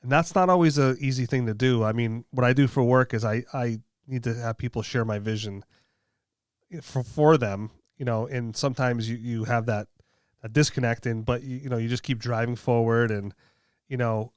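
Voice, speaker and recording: A man with a smooth, clean voice hosts a relaxed chat in a dry studio sound. He rambles warmly, circling back with fillers as he encourages his guest. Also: medium pitch, moderate pace, no echo. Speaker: podcast host. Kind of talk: casual chat.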